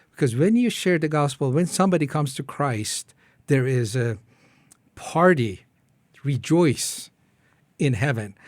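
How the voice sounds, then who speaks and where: Middle-aged Iranian-born guest, earnest halting testimony, mid-pitched voice, dry close studio sound. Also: male voice, darkish tone, dry recording. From Iran. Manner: halting, earnest, acts out his own prayers with rising pitch. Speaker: ministry founder, guest. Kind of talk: personal testimony in an interview.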